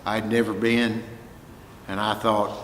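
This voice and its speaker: An older man with a Texas accent telling folksy, animated career stories to students in a lecture hall. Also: fairly low pitch, slow. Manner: folksy, animated anecdotes with quoted dialogue. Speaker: guest speaker, music producer. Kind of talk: storytelling talk to students. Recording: echoey hall, faint room noise.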